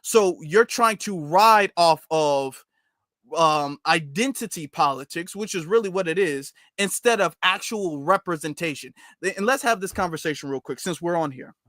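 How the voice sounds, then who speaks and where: A Southern-accented man with a high voice hosts a casual livestream commentary. His tone is bright and his sound is dry, and he keeps circling back to his points and asking his audience whether he is right. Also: expressive, normal speed, dry recording. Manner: repetitive, conversational, asks the audience for agreement. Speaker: commentary channel host.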